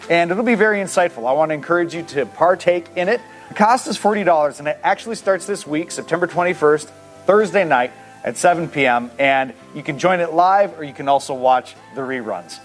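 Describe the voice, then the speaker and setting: Church announcer, man with a slightly high voice, upbeat and promotional, soft music under him.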